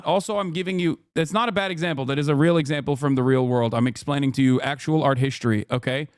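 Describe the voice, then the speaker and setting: A man's voice: fairly high pitch, fairly even intonation, fast, few pauses, smooth, dry recording, studio quality. A man streaming reaction commentary, ranting emphatically with plenty of profanity.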